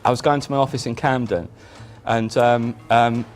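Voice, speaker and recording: A man, a musician guest in a casual chat, telling animated stories with frequent restarts. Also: mid-range voice, moderate pace, soft background music. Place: indoor chat.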